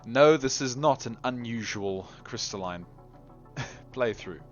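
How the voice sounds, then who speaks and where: An expressive man of medium pitch speaks slowly as he plays, offering casual let's-play chatter, humming bits of tunes, getting exasperated and laughing at himself. The audio is slightly dull and lo-fi, with faint music.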